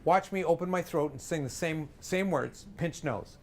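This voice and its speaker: A man teaching a singing lesson in front of an audience, coaching with lively talk and breaking into sung examples. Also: a little high, moderate pace, hardly any pauses.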